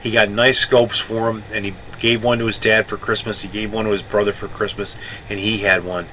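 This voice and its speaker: A man's voice: on the low side, little pitch movement, brisk, pushed and bright, slight background noise, poor audio. A man in his sixties, a Navy veteran telling a rambling story casually, often correcting himself. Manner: rambling, self-correcting, chatty.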